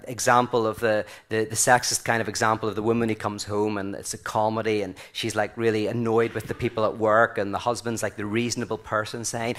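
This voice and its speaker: A man's voice: medium pitch, a bit bright. Rambling, conversational male speaker. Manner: loose and conversational, many fillers, acts out quoted voices. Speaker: speaker at a weekend event. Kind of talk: casual conference talk.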